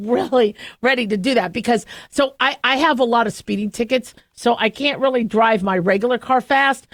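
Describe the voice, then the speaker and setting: A middle-aged woman hosting a radio talk show, telling a story in a chatty, self-mocking way and laughing often. Her voice sits high, and the studio sound is close and dry. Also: fairly bright tone, no room sound. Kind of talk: casual monologue.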